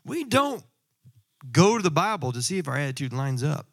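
A man preaching a sermon, emphatic, moving from loud exhortation to quiet asides and humorous personal stories. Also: on the high side, big pitch swings, moderate pace.

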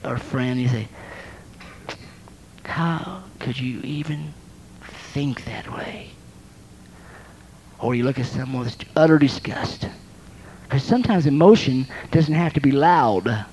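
A woman's voice: extremely low pitch, warm tone, rough recording. Woman preacher exhorting a congregation. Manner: exhorting, with repeated words and quick restarts. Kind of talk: sermon.

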